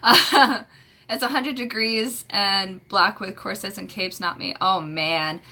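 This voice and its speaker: A woman in her late twenties hosts a relaxed live chat. She rambles and giggles, trailing off into "um" and "like". Her voice is bright and crisp, and her pitch sits in the middle. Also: slow. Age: late 20s. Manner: rambling and giggly, full of fillers. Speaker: live stream host.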